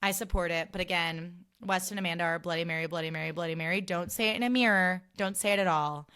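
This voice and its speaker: A woman's voice: lowish voice, quick pace, bright, forceful tone, clean tone. Chatty woman hosting a solo podcast. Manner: chatty, filler-heavy, sarcastic asides. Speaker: podcast host. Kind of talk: casual solo podcast chat.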